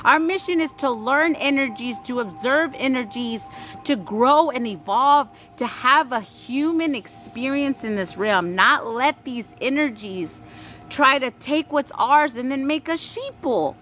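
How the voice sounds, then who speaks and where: A woman's voice: sits high, expressive, unhurried, a bit bright, soft background music. A woman giving a spiritual message to her viewers, blunt and emphatic, swearing freely and repeating her points like a sermon. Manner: repetitive, preachy cadence. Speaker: spiritual reader.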